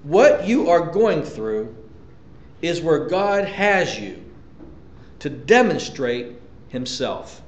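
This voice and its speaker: A man preaching a sermon as pastor, emphatic, repeating key lines and jumping up in pitch to drive points home. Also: very animated, slow, pauses often. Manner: emphatic preaching, sudden pitch jumps and repetitions. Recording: echoey church room, dull lo-fi sound.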